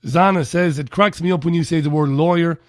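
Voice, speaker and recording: An Irish man hosts a talk radio show, his voice sitting a little higher than most men's. He talks bluntly and scornfully, recorded close and dry with no room sound. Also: a little fast, dry recording.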